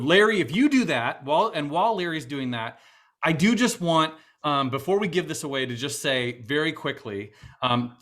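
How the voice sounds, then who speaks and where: A man's voice: on the high side, a bit bright. A man with a Boston accent hosting a virtual fundraiser, chatty and upbeat with many fillers. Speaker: event host.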